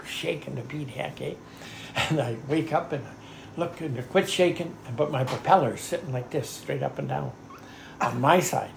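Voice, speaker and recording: An older man recalls old times in a rambling, chuckling way, with a rough, gravelly edge to his voice. He sounds as if he was recorded in an echoey room. A faint ambient noise sits behind him. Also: mid-range voice, a little mellow. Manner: rambling, chuckling storyteller who often says "anyhow". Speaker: interviewee. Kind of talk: oral history storytelling.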